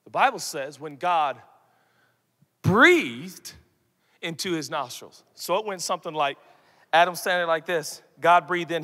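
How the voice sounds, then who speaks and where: Male pastor, 30s, high bright voice, animated stage sermon with shouts and hushed asides. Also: measured pace. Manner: animated, shifts from loud shouts to soft asides, acts out quoted voices. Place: large conference hall. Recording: long hall reverb.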